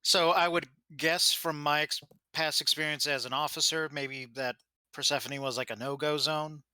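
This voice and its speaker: Bright-voiced man playing a tabletop game, stammering restarts, dry sound. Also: fairly high pitch, fairly even intonation, normal speed, smooth, no room sound. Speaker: player. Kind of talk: casual tabletop play.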